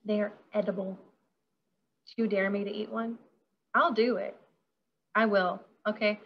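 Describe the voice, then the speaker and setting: A woman's voice: medium pitch, little pitch movement, a little slow, creaky, highs cut off. A woman caterer leading a casual hands-on workshop over a video call, bubbly and chatty, giggling often.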